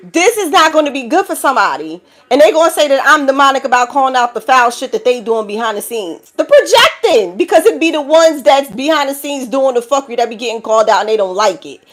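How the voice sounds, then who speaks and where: A woman with a New York accent giving a collective tarot reading, blunt and profane, preaching to viewers and calling them child and baby. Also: high-pitched. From the Bronx, New York. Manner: blunt and profane, laughing through the talk. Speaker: tarot reader.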